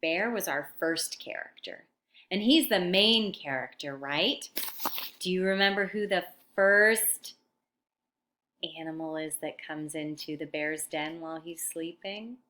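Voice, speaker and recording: A woman's voice: fairly low pitch, measured pace, pushed and bright, slight background noise. A woman teacher reading a picture book aloud to young children, then asking them questions about the story in a sing-song way. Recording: roomy echo.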